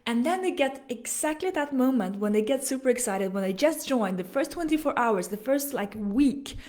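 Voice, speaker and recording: Energetic woman coaching host, slightly high. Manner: energetic, persuasive, talks straight to listener. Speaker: podcast host and business coach. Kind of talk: solo podcast monologue.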